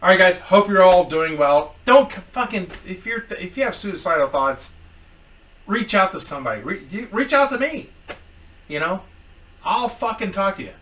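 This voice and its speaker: Man, casual vlog storytelling, profane rambling, fairly high voice, heard from off the mic. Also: big pitch swings, moderate pace, a bit bright, recorded from a distance. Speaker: YouTuber.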